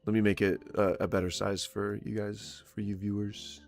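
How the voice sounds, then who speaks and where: A man's voice: on the low side, little pitch movement, normal speed, faint music behind. A man giving profane, mocking reaction commentary, often breaking into laughter. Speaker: commentary YouTuber. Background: faint smooth jazz.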